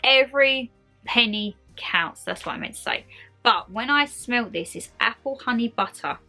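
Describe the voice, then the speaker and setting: Upbeat woman vlogger, rambling and gushing; bright, fairly high voice. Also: moderate pace, faint music behind. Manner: bubbly, rambling, gushing with excitement. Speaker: lifestyle vlogger showing a shopping haul. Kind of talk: chatty haul vlog.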